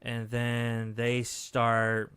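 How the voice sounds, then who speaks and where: A man's voice: mid-range voice, monotone, very slow, a bit bright, clean tone. A man co-hosting a podcast, retelling a horror movie plot in a casual, profane way with lots of fillers. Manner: profane, loose storytelling with many fillers. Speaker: podcast co-host.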